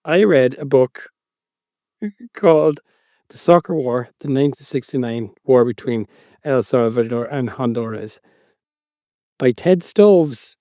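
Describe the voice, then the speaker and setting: A man's voice: mid-range voice, expressive, a little slow, long pauses, dark tone, no echo, studio quality. A man co-hosting a podcast in casual chat, sheepish and dryly self-deprecating. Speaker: podcast co-host.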